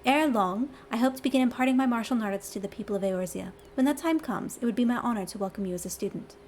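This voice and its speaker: A woman's voice: fairly high pitch, fast, a little mellow, a little hiss or hum, close to an everyday voice. A woman voicing a dignified female ninja from afar, with stately, old-fashioned formal speech, reading game dialogue aloud. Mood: earnest formal.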